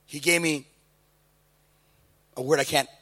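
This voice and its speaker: Animated preacher telling his testimony. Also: a little high, measured pace. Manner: animated storytelling, acting out quoted voices. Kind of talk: sermon testimony.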